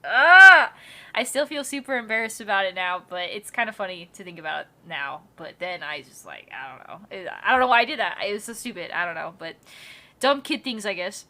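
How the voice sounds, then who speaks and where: A woman's voice: fairly low pitch, expressive, brisk, pushed and bright. A young woman streamer casually telling a story to her chat, laughing often and swearing freely.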